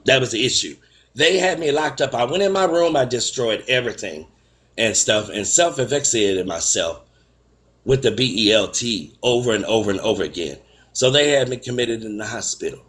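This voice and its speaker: A man in his forties telling a personal story in casual chat, animated and acting out what others said. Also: moderate pace. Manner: animated, acts out quotes with raised pitch.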